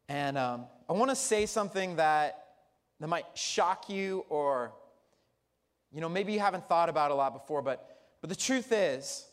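A man preaching a sermon as pastor in a church, telling stories in a chatty, humorous way. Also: a little high. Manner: lively, chatty storytelling with humor. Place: church sanctuary. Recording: long church reverb.

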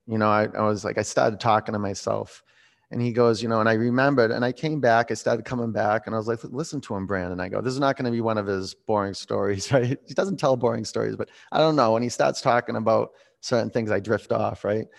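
Gravelly-voiced man leading yoga. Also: on the low side. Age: 40s. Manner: calm, unhurried, reflective. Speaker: yoga instructor. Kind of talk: guided yoga class with storytelling.

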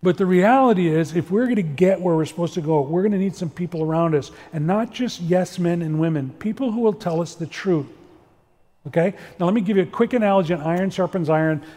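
Middle aged guy preaching, pretty high voice, earnest and animated, long echo like a big hall. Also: fast talker. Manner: earnest, animated, acts out quoted dialogue. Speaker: pastor. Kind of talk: sermon-style talk with storytelling. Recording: long reverb of a large room.

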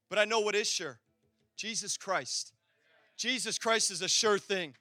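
Pastor, male, very high and bright voice, passionate sermon, dry sound, soft music under. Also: lively intonation, measured pace, pauses often, no room sound. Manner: passionate, swings between loud and quiet. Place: church hall.

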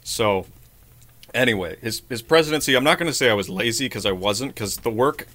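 A man co-hosting a casual comedic podcast, reacting excitably, rambling and poking fun at himself. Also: medium pitch, brisk. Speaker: podcast co-host.

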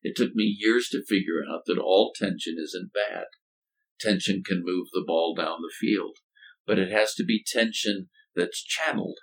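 An older man, a former college president, telling stories in a thoughtful, halting way with folksy turns of phrase. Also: sits low, vocal fry, rough recording. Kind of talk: reflective conversational storytelling.

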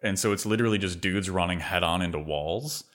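A man's voice: deep voice, a little fast, a bit bright. A man co-hosting a podcast, talking movies in a rambling way, full of filler words. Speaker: podcast co-host. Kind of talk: casual film discussion.

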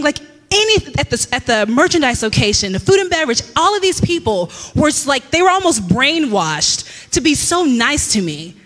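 A woman in her thirties telling a lively personal story to a church congregation, laughing often and acting out what people said. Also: a little high, long reverb tail. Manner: animated storyteller, laughs often, acts out quotes. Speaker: church speaker. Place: church hall.

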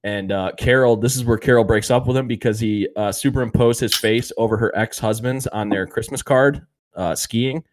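A man's voice: mid-range voice, normal speed. Male co-host, casual recap chat, acts out quotes, loose and rambling. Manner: rambling storyteller, acts out quotes, many fillers. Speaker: podcast co-host.

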